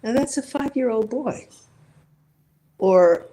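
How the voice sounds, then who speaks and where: A woman's voice: medium pitch, animated, normal speed, mellow, low-quality recording. A woman psychologist being interviewed, building her points thoughtfully through examples and rhetorical questions. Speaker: psychologist guest. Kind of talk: reflective interview conversation.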